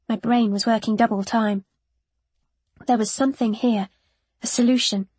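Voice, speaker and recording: Woman, audiobook narration, first person, higher voice, dry sound. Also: steady tone, moderate pace, a little mellow, breathy edge, no echo.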